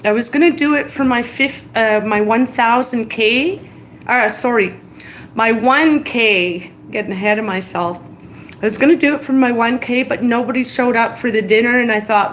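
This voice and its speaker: A woman's voice: fairly high pitch, normal speed, slight background noise, poor audio. A tired woman hosting a casual live stream, rambling between topics and reading viewer comments aloud. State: tired after crying.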